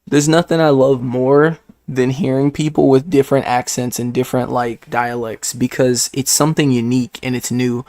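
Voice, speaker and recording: A man's voice: mid-range voice, level tone, normal speed, darkish tone, no room sound. A man in his twenties from Detroit, chatting casually with stream viewers in a rambling way, laughing often and filling with "like". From Detroit, United States. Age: 20s.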